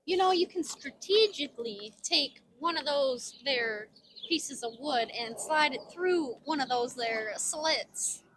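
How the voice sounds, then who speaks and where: A young woman from Michigan with a high, bouncy voice, trading quick teasing wisecracks in casual banter. She chats by an outdoor fire, with a faint hiss of noise under her voice. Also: expressive, fairly bright tone. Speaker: podcast co-host.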